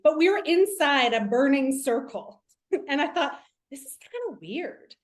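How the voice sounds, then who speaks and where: A medium and spiritual teacher with a voice that sits high recounts a story on a video call. She keeps it lively and casual, leaning heavily on "like" as a filler.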